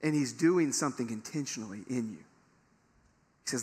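A man's voice: mid-range voice, a little fast, pauses often, darkish tone, slightly rough. A man preaching a sermon to his congregation in a conversational way that builds to emphatic peaks. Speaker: pastor. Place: large church hall. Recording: long reverb of a large hall.

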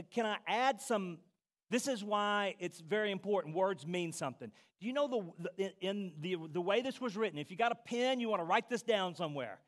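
High-voiced, unhurried man preaching a sermon. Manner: emphatic, repeats key phrases, addresses the congregation directly; voice swings from soft and low to loud cries. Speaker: pastor.

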